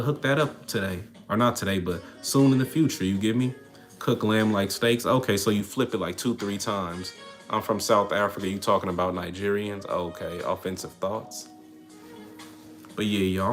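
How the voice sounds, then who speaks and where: A man in his thirties hosts a casual livestream, his voice on the low side with a fairly bright tone. He rambles through viewer comments and keeps tagging his lines with "you get me?"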